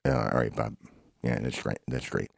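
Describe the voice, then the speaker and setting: A man's voice: rumbling low, fairly even intonation, moderate pace, vocal fry, husky, dry recording, studio quality. A man improvising a playful, rambling comic story with banter between characters. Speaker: home show storyteller.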